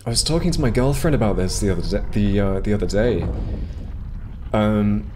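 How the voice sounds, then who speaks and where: Over slight background noise, a man with a lowish, slightly mellow voice streams a game at moderate pace. His relaxed commentary to viewers rambles, dotted with ums and restarts, captured on a headset or desk mic.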